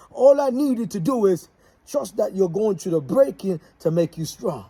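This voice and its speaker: Hosting his show, a motivational speaker delivers a rallying message that's preachy and repetitive. His voice is high, with a dark tone and a slight roughness.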